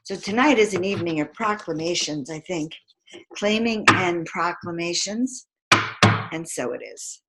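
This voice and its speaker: Heavy background noise surrounds this woman's lowish, animated voice as she speaks unhurriedly. A spiritual teacher and card reader, she delivers a live motivational talk, emphatically leading chanted affirmations and call-and-response questions with the crowd.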